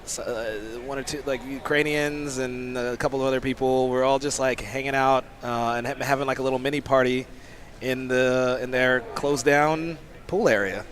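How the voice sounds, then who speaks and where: A man, a sumo coach, giving casual sports commentary, excitable and often laughing while telling rambling stories. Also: mid-range voice, normal speed, slight background noise. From United States.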